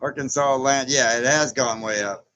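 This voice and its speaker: A man's voice: medium pitch, fairly even intonation, normal speed, fairly bright tone. Chatty man in his sixties. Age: 60s. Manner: chatty and rambling, chuckles often. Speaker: livestream host reading viewer chat. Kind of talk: casual live chat.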